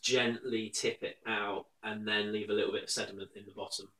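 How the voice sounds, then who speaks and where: A man's voice: lowish voice, little pitch movement, fairly quick, bright, forceful tone, reverberant, low-quality recording. A man co-hosting a casual beer review. He makes dry, wry jokes and uses plenty of fillers. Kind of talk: casual chat.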